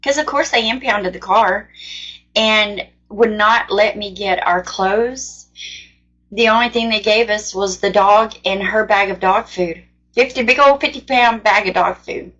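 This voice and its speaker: A woman's voice: medium pitch, a little slow, fairly bright tone, dull audio. A woman casually sharing a personal testimony as a mother, in an earnest, plain-spoken and rambling way.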